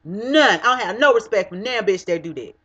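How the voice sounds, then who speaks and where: A woman's voice: mid-range voice, animated, brisk, pushed and bright, slightly rough. A young woman delivering a heated, profane vlog rant straight to the camera, blunt and cutting. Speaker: vlogger. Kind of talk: ranting vlog monologue. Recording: dull lo-fi webcam audio.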